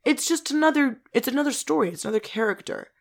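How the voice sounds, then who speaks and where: A woman in her twenties co-hosting a podcast, chatting in an excitable, ranting way and swearing a lot. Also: sits high, quick pace, gravelly. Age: 20s. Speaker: podcast co-host. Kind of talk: casual chat.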